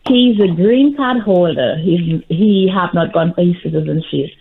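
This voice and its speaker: A woman in her forties calling in to a show with a polite, soft manner and a question. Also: fairly low pitch, moderate pace, gravelly, breathy edge. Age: 40s. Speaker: caller. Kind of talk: phone-in question. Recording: tinny phone line.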